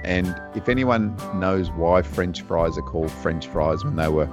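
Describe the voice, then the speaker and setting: A man's voice: sits low, unhurried, over music. A man with an Australian accent, co-hosting a podcast in casual chat, thinking aloud with lots of laughs and restarts. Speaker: podcast co-host. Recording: dull lo-fi sound.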